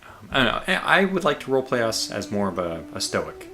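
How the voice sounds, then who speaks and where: Male streamer, lowish voice, forceful edge, rambly thinking-out-loud commentary. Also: very animated, a little fast, a little hiss or hum. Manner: rambling, thinks aloud with many fillers; calls himself a quiet guy. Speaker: game streamer. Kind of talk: casual livestream commentary.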